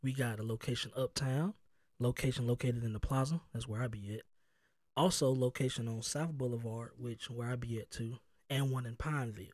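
A man with a Southern US accent hosts his own podcast in loose, joking street slang full of swearing. His voice sits at an ordinary pitch for a man. It is recorded close and dry, with no room sound. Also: fairly even intonation, brisk, darkish tone, no room sound. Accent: Southern US (North Carolina). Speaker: podcast host. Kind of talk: casual chat. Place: home.

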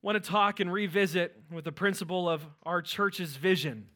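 A man with a Pittsburgh accent preaching a sermon as pastor, energetic, with loud exclamations to the congregation. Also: high voice, moderate pace. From Western Pennsylvania.

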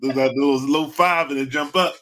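A man's voice: a little high, fairly even intonation, normal speed, pushed and bright. A man who is a guest on a casual talk show, telling laid-back stories and acting out the exchanges in them.

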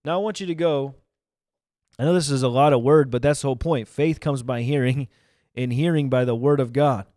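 A man preaching a fervent livestreamed sermon, speaking straight to viewers on camera and rising to loud emphatic declarations. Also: mid-range voice, a little fast, no echo, studio quality. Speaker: evangelist preacher. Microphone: camera mic, speaking to online viewers.

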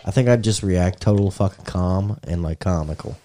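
A man's voice: low voice, moderate pace, dark tone. A man in casual chat, joking crudely, laughing often and acting out what he would say in made-up situations.

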